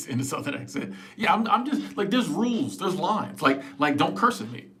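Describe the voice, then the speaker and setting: A man in his forties hosting a casual live stream, answering viewers in an animated, emphatic, joking way on a small clip-on mic. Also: high voice, a little slow, slight background noise. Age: 40s. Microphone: small wireless clip-on mic.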